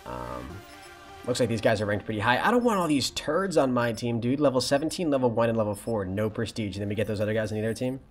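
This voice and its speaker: Soft music sits under a young man's mid-range, fast-talking voice. The college student plays a shooter on stream, relaxed and chatty as he replies to messages from his audience.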